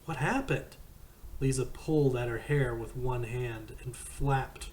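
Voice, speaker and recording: Male narrator for a read-aloud novel; unhurried, even, faint noise behind. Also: medium pitch, low-quality recording. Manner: slow, measured first-person reading. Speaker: audiobook reader.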